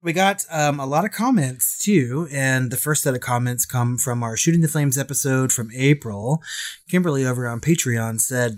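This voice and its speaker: Male podcast co-host, mid-pitched, casual and animated, acts out quotes, laughs easily. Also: normal speed. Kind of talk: casual chat.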